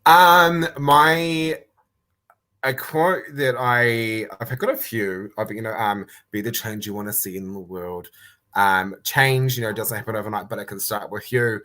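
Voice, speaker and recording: A man's voice: fairly low pitch, unhurried. Young New man telling stories. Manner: animated storyteller who acts out quotes. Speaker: guest, youth worker. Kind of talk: casual chat. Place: indoors, a room.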